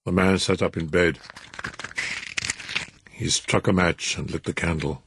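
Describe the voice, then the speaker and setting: A man narrating a story in an expressive, measured reading. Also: deep voice, vocal fry, slight background noise. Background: music.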